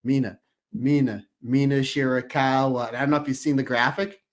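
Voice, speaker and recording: A man co-hosting a podcast in a friendly, easygoing chat, leaning on "you know" as he talks things through. His voice sits at a middling pitch. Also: fairly even intonation, normal speed. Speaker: podcast co-host.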